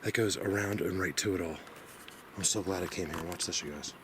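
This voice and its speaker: A man walking through a forest and talking to his camera, rambling and excitable with lots of fillers, a bit out of breath. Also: low voice, fairly quick. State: slightly out of breath. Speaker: outdoor video blogger. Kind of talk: casual walking commentary. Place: outdoors in a forest. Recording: noisy outdoor field recording.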